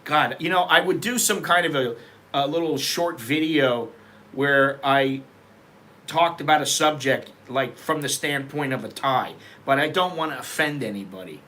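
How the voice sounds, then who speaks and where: A middle-aged man from the United States hosts a casual, rambling chat, talking frankly and loosely. He digresses and restarts often, with a bright, pushed voice at medium pitch and normal speed.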